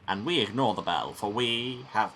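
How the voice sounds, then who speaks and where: A man's voice: fairly low pitch, normal speed, a bit bright, slight background noise. Man with dry, sarcastic let's play quips. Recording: game music behind voice.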